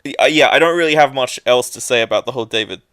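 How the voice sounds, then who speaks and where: Halting man on a podcast. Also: medium pitch, a bit bright, clear, resonant tone, dry recording, clean studio sound. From England. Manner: halting, full of fillers and restarts. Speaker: podcast co-host. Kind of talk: casual chat.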